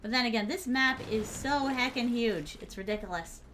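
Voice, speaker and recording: A woman's voice: fairly high pitch, moderate pace, a bit bright, slight background noise. A young woman from the American South with a Southern accent, streaming a game and commenting live in a playful, teasing way, calling viewers by pet names. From Southern United States.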